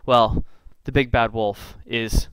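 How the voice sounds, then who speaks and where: A man's voice: medium pitch, fairly even intonation, slow pace, fairly bright tone, smooth, no echo. A man retelling a fairy tale in a chatty, playful way, full of asides, recorded on a computer mic. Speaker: storyteller. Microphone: screen recording with a computer mic.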